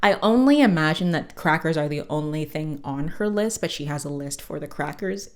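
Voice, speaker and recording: A woman's voice: low-pitched, animated, moderate pace, a little mellow. A woman podcast host giving a casual episode recap and chat, swearing freely with lots of fillers.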